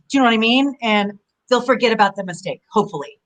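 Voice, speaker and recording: A woman's voice: on the high side, fast talker, low-quality recording. A middle-aged woman from Southern California, a former wrestler, chatting as a guest on a video-call interview and rambling through her stories. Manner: rambling, animated storyteller. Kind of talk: casual interview chat.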